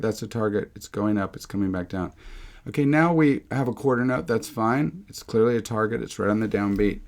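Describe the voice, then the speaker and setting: A middle-aged man with a creaky, mid-range voice teaches a music theory lesson. He talks through examples, thinking aloud, asking himself rhetorical questions and correcting himself along the way.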